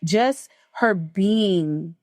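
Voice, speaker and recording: A woman's voice: mid-range voice, drawn-out words, a little mellow, no room sound, studio quality. A woman talking emphatically and emotionally as a podcast co-host, full of profanity. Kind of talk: casual chat.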